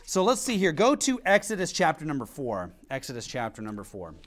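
A pastor preaches a sermon in a fairly high-pitched voice at a fairly quick pace. He tells stories animatedly, acts out quotes, and reads scripture aloud.

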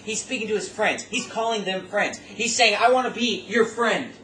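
A man's voice: high-pitched, normal speed, sharp tone. A middle-aged man preaching a sermon, exhorting his listeners with rhetorical questions and folksy asides that rise to emphatic peaks. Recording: roomy, distant mic, faint room noise.

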